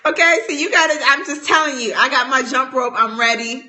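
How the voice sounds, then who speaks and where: A woman's voice: high voice, brisk, sharp tone. A woman talking casually to viewers on a phone livestream, playful and teasing, laughing often and using y'all and ain't. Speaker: speaker and trainer hosting a livestream.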